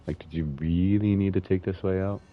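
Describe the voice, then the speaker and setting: A man's voice: deep voice, fairly even intonation, brisk, soft background music. A man streaming a video game, chatting casually, swearing and humming as he reads game text aloud. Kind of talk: casual gameplay commentary. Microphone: headphones and desk mic. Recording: slightly muffled stream audio with faint hiss.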